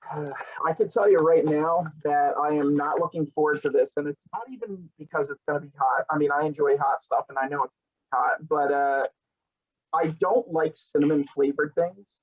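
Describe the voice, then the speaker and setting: A man hosting a spicy food challenge in casual on-camera chat, joking and sometimes talking with his mouth full. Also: on the high side. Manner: chatty, jokey, talks with his mouth full. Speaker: show host. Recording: dull lo-fi audio.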